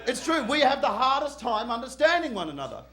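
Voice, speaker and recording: A man with an Australian accent doing a stand-up comedy set on a club stage, loud, brash and profane, often shouting and laughing into a handheld mic. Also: very high voice, sing-song, a little fast.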